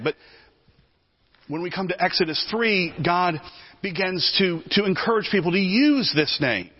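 A male preacher giving a teaching sermon, animated, often repeating words as he explains. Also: fairly high pitch, slightly rough, dull audio.

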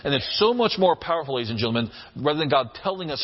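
A man's voice: mid-range voice, expressive, brisk, hardly any pauses, breathy edge, muffled recording. A man preaching a sermon, earnest and emphatic, repeating phrases for weight. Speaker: pastor.

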